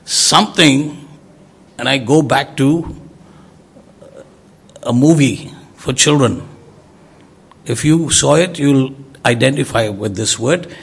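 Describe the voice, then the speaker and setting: A man delivers an emphatic sermon, rising into loud exclamations and then dropping to soft low words. His voice is gravelly and husky, and he takes his time. He speaks to a congregation as their preacher. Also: slow pace, long pauses.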